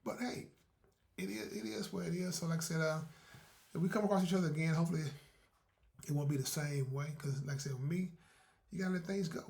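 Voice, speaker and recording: Man, fairly high voice, folksy casual monologue, repeats himself, podcast host. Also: quick pace, creaky, long pauses, a little mellow. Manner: folksy, repeats words, acts out little dialogues.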